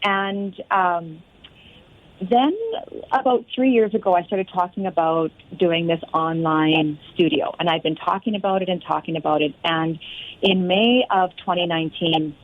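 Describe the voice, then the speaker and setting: A woman guest phoning in to a radio show, her voice a little low for a woman. She tells her story with lively energy and acts out the back-and-forth. The line is thin and phone-like. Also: unhurried. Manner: animated storytelling that acts out quoted exchanges. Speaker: guest, fitness studio owner. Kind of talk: storytelling interview answer.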